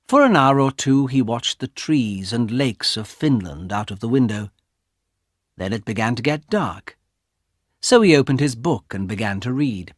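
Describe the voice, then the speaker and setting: A man reading a story aloud in a clear, deliberate way for English learners. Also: mid-range voice, expressive, dry recording, clean studio sound. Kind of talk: slow scripted story narration for English learners.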